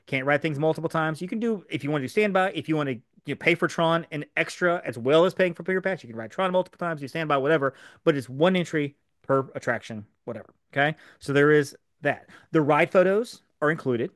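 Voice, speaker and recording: A man co-hosting a podcast, speaking rapidly and filling his explanations with ums and asides. His voice sits a little high for a man. The studio sound is dry and close. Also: dry recording. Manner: fast, animated explainer with many fillers. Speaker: podcast co-host. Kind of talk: casual podcast chat.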